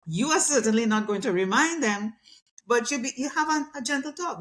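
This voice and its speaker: Speaking a bit fast in a high voice, a middle-aged woman gives a conversational interview as a guest communication specialist. She's animated throughout and acts out the voices of people she quotes.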